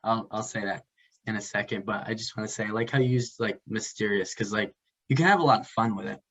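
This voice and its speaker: A man co-hosting a casual advice chat, halting and searching for words as he explains. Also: fairly low pitch, a bit bright, breathy edge. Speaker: podcast co-host. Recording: dull lo-fi sound.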